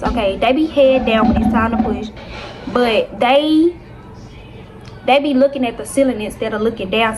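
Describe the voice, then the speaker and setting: Animated young woman telling a storytime. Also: a little high. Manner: animated, dramatic retelling with constant "y'all". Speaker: vlogger. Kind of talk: casual storytime to viewers.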